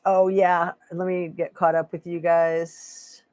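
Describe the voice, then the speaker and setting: A woman's voice: on the low side, flat delivery, slow, a little mellow, no room sound. A woman hosting a casual true crime live stream, sarcastic and opinionated, reading chat aloud. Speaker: true crime commentary host.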